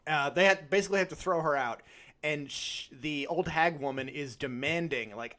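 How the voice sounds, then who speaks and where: Guy on a podcast recapping a movie, lively up-and-down voice, kinda high. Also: moderate pace. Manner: animated retelling with acted-out quotes and frequent laughs. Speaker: podcast co-host. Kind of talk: casual chat.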